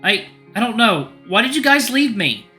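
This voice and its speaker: A man's voice: big pitch swings, moderate pace, sharp tone, soft background music, heavily acted. A man voicing a frantic, terrified young coyote. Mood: frightened. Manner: high, strained and frantic. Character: frightened young male coyote, panicking.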